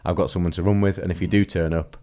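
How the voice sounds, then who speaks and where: A man's voice: low-pitched, fairly even intonation, fast, warm tone. A man chatting casually on a podcast, teasing his co-hosts and laughing often. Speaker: podcast co-host. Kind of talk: casual chat.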